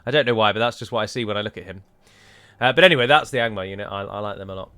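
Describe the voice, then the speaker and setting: A man's voice: fairly low pitch, racing, bright, forceful tone, smooth. A man giving chatty, wry commentary while playing a strategy game, wandering into rambling asides. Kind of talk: gameplay commentary.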